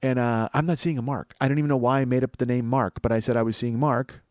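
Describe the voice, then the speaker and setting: Guy in his 40s rambling through a funny story, swears a lot, gets loud and high when he panics, dry close mic. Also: fairly even intonation, fast talker, dry recording. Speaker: comedian podcast host. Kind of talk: comedic storytelling monologue.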